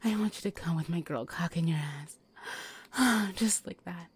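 A woman in a whispered role-play, teasing and giving commands between breathy whispers and sighs. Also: lowish voice, unhurried. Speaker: audio role-play performer.

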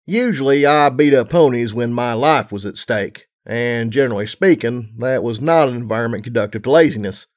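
A man reading a story aloud, narrating in a steady, even storytelling manner. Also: medium pitch, normal speed, few pauses. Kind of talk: audiobook reading of fan fiction.

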